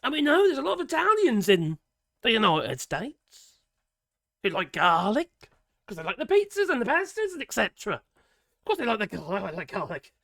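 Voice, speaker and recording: A British man with a raspy voice giving casual, sarcastic commentary, exasperated and swearing freely. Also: sits high, huge pitch swings, moderate pace, pushed and bright, no room sound, studio quality. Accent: British English. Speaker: political commentator.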